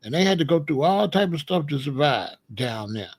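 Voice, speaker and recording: A man's voice: fairly high pitch, animated, moderate pace, slightly rough. A man giving a blunt, streetwise commentary monologue, repeating his points. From Chicago. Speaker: commentary host.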